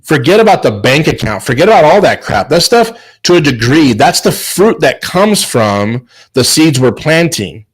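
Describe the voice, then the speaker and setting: A man's voice: on the high side, big pitch swings, normal speed, few pauses, breathy edge, poor audio. A man hosting a chef business show, giving an emphatic, preachy motivational talk on a video call. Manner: emphatic, preachy, repeats words. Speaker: host.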